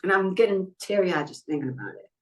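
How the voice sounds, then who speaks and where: Speaking quickly in a lowish voice, this middle-aged New Yorker is a talent manager guesting on a casual interview. She tells personal stories with animation, playing the different people in them.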